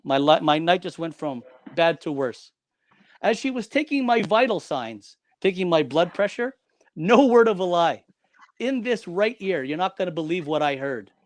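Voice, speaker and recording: A man with a fairly high voice who tells a personal story with emphatic, dramatic delivery, repeating his key lines for effect. His voice comes across close and dry, with almost no room sound. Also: big pitch swings, moderate pace, no room sound. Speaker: guest.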